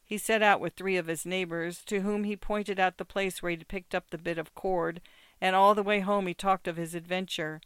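Smooth, measured short-story narrator. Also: mid-range voice, steady tone, fairly bright tone, no echo. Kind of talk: scripted narration of short stories.

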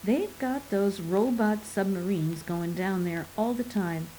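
A woman reads a scheming man who weighs each idea with earnest, thoughtful care. His voice is mellow and sits at an ordinary pitch. This is storybook narration with a soft faint hiss behind it. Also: measured pace, close to an everyday voice, poor audio. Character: scheming man working out a hoax.

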